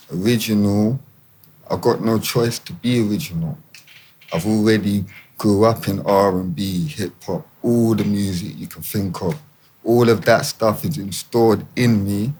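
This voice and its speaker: A man's voice: on the low side, a little mellow. A man, talking as a guest in a casual interview, full of street slang and emphatic asides. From England.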